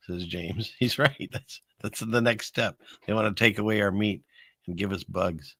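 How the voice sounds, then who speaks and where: A man hosting a casual livestream, rambling and chuckling through viewer comments with lots of filler words and trailing pauses. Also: deep voice, creaky, a bit bright, breathy edge, dry recording, studio quality. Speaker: livestream host reading viewer chat. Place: home setup in the Seattle area.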